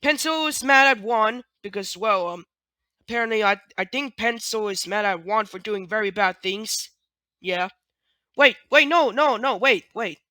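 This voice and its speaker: This is a speaker casually retelling cartoon scenes, rambling and hesitant, stopping and restarting often. The voice is bright and the sound is dry and close. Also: mid-range voice, measured pace, no room sound.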